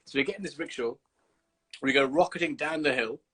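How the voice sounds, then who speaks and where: A man hosting a casual livestream chat from the UK, telling animated stories and swearing freely. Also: medium pitch, fairly quick, slightly rough. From United Kingdom. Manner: animated storyteller, swears freely, acts out scenes. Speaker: host. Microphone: video call.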